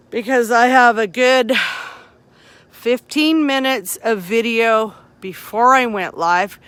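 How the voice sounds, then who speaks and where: Woman, high and sharp-toned, indignant live-streamer, taunting repetition, phone mic. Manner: indignant, taunting, repeats short phrases. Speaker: nonprofit volunteer live-streaming an incident. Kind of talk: live-streamed running commentary. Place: outdoors at night, near her parked car.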